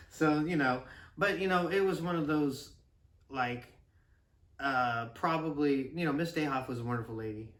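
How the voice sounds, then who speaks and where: Bright-voiced father rambling in a roomy room. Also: a little high. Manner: rambling, animated, quick to laugh, with many restarts and fillers. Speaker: podcast host and father. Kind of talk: casual storytelling chat. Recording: roomy room with a distant mic.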